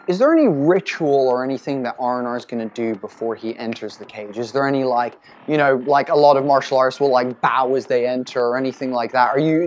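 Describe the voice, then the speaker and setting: A man narrating a tabletop game as game master, animated, loose and jokey, full of filler words. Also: medium pitch.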